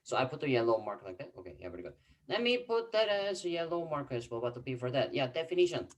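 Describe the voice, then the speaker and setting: A male teacher whose first language is Korean explains in a bouncy, lively voice over a video call. He repeats himself often and drops quiet "mm-hmm"s between his points. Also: mid-range voice. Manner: repeats key phrases, fills pauses with mm-hmm. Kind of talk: online class explanation.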